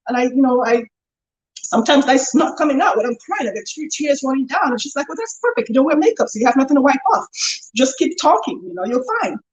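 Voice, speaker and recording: A woman's voice: fairly high pitch, lo-fi sound. A middle-aged woman, a business coach, talking candidly and with animation straight to camera, acting out the voices of people she quotes. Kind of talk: casual talk to camera. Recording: echoey room.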